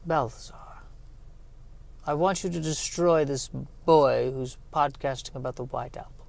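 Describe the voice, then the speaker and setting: A man voicing a sinister ruler who gives orders in a hushed, breathy whisper, as a whispered role-play. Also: medium pitch, a little slow, voice pushed down. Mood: menacing.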